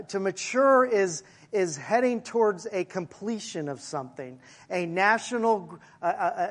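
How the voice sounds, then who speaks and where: A male pastor with a high voice preaches conversationally, making asides to the congregation and slowing down to stress key phrases.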